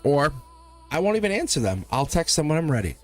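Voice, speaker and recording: Animated man reading tarot live. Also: fairly high pitch, a little fast, soft background music. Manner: animated, talks straight to viewers, laughs often. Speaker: tarot reader and live stream host.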